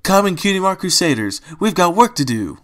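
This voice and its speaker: A man voicing small, eager young filly girls in a high, bright put-on child voice. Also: big pitch swings, brisk.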